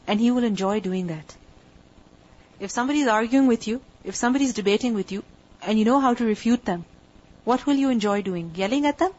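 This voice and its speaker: A fairly high-voiced woman gives a religious lecture, working through each point patiently and posing rhetorical questions before answering them herself. The recording is dull and lo-fi, with the top end muffled. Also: darkish tone. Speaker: Quran teacher.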